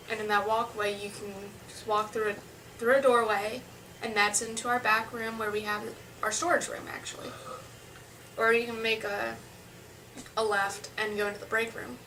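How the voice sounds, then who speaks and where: A woman's voice: mid-range voice, little pitch movement, moderate pace, bright, forceful tone, far from the mic, a little hiss or hum, poor audio. A young woman telling a story to her camera in a chatty, rambling way, often restarting her sentences. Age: young adult. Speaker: vlogger.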